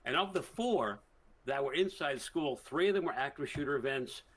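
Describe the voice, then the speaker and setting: A man, a criminology professor, answering interview questions in a measured, explanatory way and stressing the statistics. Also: medium pitch, expressive, fairly bright tone, low-quality recording. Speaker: criminology professor, guest expert. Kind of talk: remote TV news interview.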